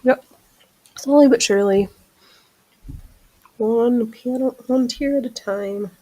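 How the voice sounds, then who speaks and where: A woman's voice: takes it slowly, dark tone, low-quality recording. A woman hosting a casual sewing stream, chatting and joking about herself as she stitches. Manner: chatty, self-mocking, talks to her cat in a high baby voice. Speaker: channel host. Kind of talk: casual sewing livestream chat.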